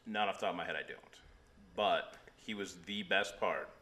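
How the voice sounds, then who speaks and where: Low, bright-toned man co-hosting a loose comedy movie podcast, upbeat and repetitive. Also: normal speed. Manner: enthusiastic, repeats words while searching for them. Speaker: podcast co-host. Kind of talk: casual comedy movie chat.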